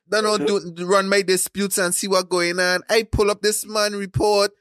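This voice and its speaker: A man casually telling stories about fixing credit, acting out phone calls with excited, animated voices. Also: high-pitched, moderate pace, clean tone, no echo, studio quality. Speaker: credit repair entrepreneur, podcast guest. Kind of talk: casual storytelling chat.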